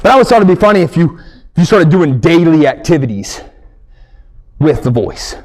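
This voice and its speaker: Animated high-voiced male comedian. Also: normal speed, low-quality recording. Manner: animated, jumps into high shouted bits. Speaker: stand-up comedian. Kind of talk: stand-up comedy.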